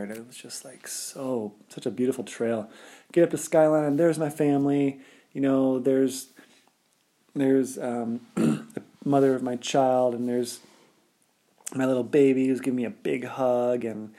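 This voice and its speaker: A man's voice: mid-range voice, fairly even intonation, measured pace, mellow. A young adult man telling a personal story in a casual, rambling, laid-back way, full of filler words.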